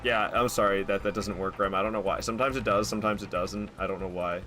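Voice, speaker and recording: A man streaming a game with casual live commentary, getting excitable and jumping up high when surprised. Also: fast, faint music behind.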